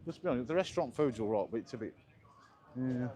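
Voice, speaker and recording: A man's voice: mid-range voice, expressive, quick pace, warm tone. A man chatting enthusiastically as he walks through resort streets, live-streaming a travel vlog from a handheld camera. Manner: chatty, enthusiastic tour commentary. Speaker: travel vlogger. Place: outdoors on busy resort streets. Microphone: handheld camera while walking.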